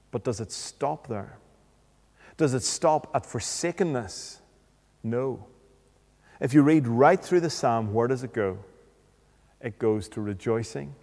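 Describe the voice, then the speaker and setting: Slow, deliberate male preacher in a reverberant hall. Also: medium pitch, darkish tone. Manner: slow, deliberate, rhetorical questions. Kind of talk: sermon.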